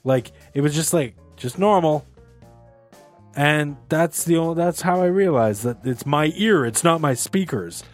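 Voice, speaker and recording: A man co-hosting a casual group podcast, telling stories in a lively, swearing, joking way. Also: fairly high pitch, a little slow, faint music behind. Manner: animated, swears freely, tells stories with voiced asides. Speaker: podcast co-host.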